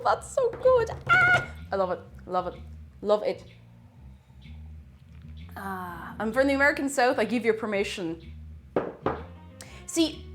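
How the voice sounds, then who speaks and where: Irish girl chatting on stream while she bakes, bit high voice, faint music behind. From Ireland. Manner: chatty, reads chat aloud and thanks viewers. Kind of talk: casual live-stream chat while baking. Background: faint background music.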